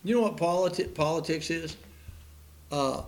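A man's voice: fairly high pitch, moderate pace, a little mellow. A man preaching a sermon in a folksy, joking way, laughing at his own puns and stories.

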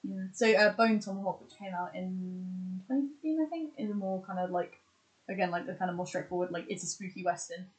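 She speaks a little fast in a mid-range voice, and the audio is poor. As a podcast co-host in casual talk, she runs through examples with frequent fillers and restarts.

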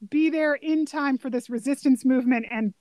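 A woman's voice: sits high, moderate pace, warm tone, no echo. A woman co-hosting a podcast, chatting casually about a film as an enthusiastic, gushing fan. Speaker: podcast co-host.

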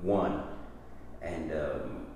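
A man's voice: very deep voice, drawn-out words, darkish tone. A man hosting a casual chat, laid-back and swearing freely. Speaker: podcast host. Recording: very echoey room, faint noise.

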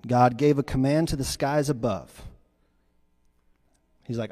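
A man preaching a sermon as pastor, telling stories with lively swings between loud, quick lines and hushed, quiet ones. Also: medium pitch. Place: church sanctuary. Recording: long hall reverb.

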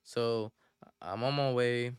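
A young man tells a podcast story in loose, profane slang, stumbling and restarting as he goes. His voice is smooth and clear, at an ordinary pitch for a man. The sound is dry, with no room echo. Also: fairly even intonation, slow pace. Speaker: podcast host. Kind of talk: casual storytelling.

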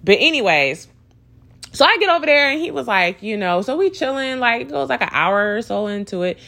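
A woman's voice: a little high, big pitch swings, a little fast, creaky, pushed and bright. A young woman telling a dating story as a casual storytime rant, swearing freely and sounding exasperated, with lots of "like" and "you know".

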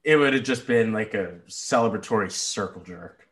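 A man co-hosting a casual sports podcast, animated and exasperated, swearing freely. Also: lowish voice, normal speed. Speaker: podcast co-host. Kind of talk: casual chat.

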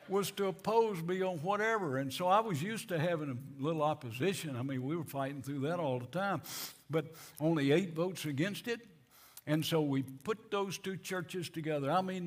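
A male pastor tells a long story from the pulpit. His voice sits a little high for a man, and he talks in an animated, storytelling way, restarting phrases and acting out the people he quotes. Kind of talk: sermon storytelling.

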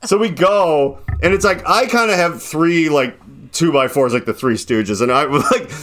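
A man hosting a podcast, telling a rambling, profane story in casual chat and loudly acting out the people in it. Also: a little high, measured pace. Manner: animated, profane, acts out quoted people in loud bursts. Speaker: podcast host. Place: indoors, podcast recording.

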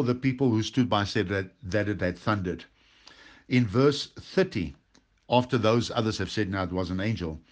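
A man teaching from scripture in a sermon, reading verses aloud and stressing words slowly and emphatically. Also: fairly low pitch. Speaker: pastor. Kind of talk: sermon, Bible study.

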